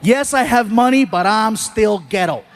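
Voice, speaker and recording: A man telling stand-up stories in an animated way, acting out the people in them, on stage at a live show. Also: sits high, a little slow, long reverb tail, heavy background noise. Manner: animated, acts out voices, jokes at his own expense. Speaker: stand-up comedian. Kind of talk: stand-up storytelling.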